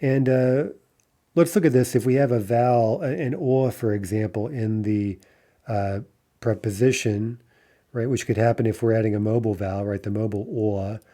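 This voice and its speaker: A middle-aged man explaining grammar patiently in a lesson, often checking in with the listener and repeating example phrases slowly. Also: lowish voice, fairly even intonation, mellow. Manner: patient, explains step by step with frequent "right?". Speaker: language teacher.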